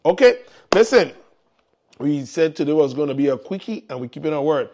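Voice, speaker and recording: A man with a lilt hosts a live community show in easy, casual chat. His voice sits a little high, and he keeps repeating his encouragements to the listeners in an upbeat way. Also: lively intonation, a little fast, a little mellow. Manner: upbeat, repetitive exhortations to the audience. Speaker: morning show host.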